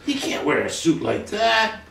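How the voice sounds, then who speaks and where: A man's voice: sits high, sing-song, a little slow, creaky, pushed and bright, a little hiss or hum, pitched above the performer's own voice, full character voice. A man voicing an earnest male friend of the groom who points out what is wrong with a suit. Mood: concerned. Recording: echoey room, recorded from far off.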